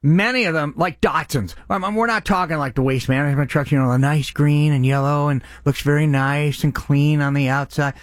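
A man's voice: a little high, steady tone, a little fast, few pauses, no echo. A man hosting a radio charity appeal, speaking in an earnest, impassioned way. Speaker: radio host.

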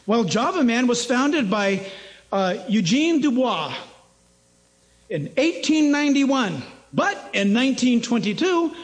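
A man's voice: extremely high pitch, big pitch swings, slow, rough recording. A man preaching a sermon as pastor, emphatic and mocking, with rhetorical questions.

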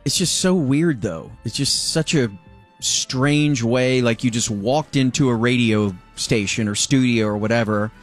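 A man's voice: mid-range voice, measured pace, faint music behind. A man hosting a radio talk show, chatting and joking casually with co-hosts. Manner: animated, joking. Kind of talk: casual banter.

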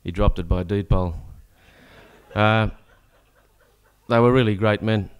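Australian male performer, smooth clear voice, rollicking rhyming recitation of comic verse on a live stage. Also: on the low side, slow pace. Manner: rollicking, rhythmic rhyming delivery. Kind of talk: comic bush-ballad recitation.

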